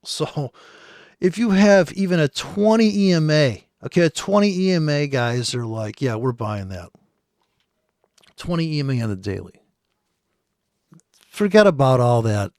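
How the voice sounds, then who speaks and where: Gravelly, profane man riffing on trades. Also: fairly high pitch, lively intonation, moderate pace, darkish tone, dry recording, studio quality. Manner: rambling, profane, sarcastic. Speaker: forex trader. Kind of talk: casual screen-share trading commentary.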